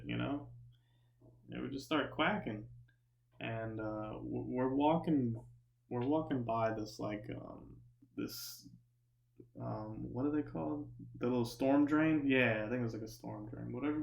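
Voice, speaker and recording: A man's voice: mid-range voice, gravelly, roomy sound. A young man telling a profane, rambling story with many restarts and asides. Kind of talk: casual storytelling.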